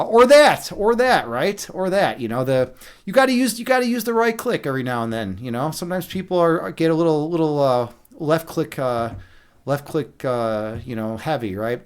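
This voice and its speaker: Rambling, chatty middle-aged man. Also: medium pitch. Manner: chatty, rambling, with many restarts and fillers; loose and profane. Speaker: livestream host. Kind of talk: rambling casual livestream chat.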